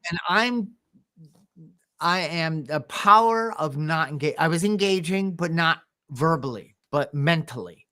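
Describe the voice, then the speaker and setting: A man co-hosting a podcast, telling rambling personal stories, often chuckling and clearing his throat. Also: a little high, expressive, unhurried, pushed and bright. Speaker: podcast co-host. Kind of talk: casual podcast conversation.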